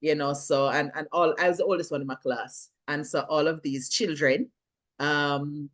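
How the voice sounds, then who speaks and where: A woman from the Caribbean, chatting as an interview guest and telling her story with lively asides. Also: low voice, normal speed. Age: 30s. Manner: animated storytelling, mimics others in voice. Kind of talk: casual interview chat.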